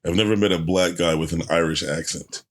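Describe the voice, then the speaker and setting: A man's voice: sits low, fairly even intonation, fairly quick. A man talking as a podcast guest, laid-back and joking bluntly in casual chat.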